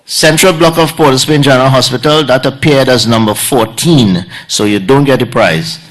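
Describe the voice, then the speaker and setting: A man's voice: mid-range voice, normal speed. A middle-aged man, a surgeon giving a conference talk in a loose, anecdotal way and quizzing the audience. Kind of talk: conference presentation.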